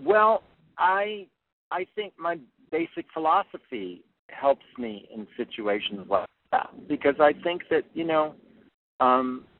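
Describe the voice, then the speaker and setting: A man's voice: fairly high pitch, very animated, slow. Older man coach on a phone line. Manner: earnest and plainspoken, repeats words as he thinks. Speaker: figure skating coach. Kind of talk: interview answers. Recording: tinny phone-line sound, dry.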